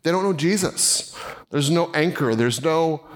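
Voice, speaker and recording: A male pastor preaching a sermon in a conversational, animated way, often acting out quoted voices. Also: fairly high pitch, a little slow.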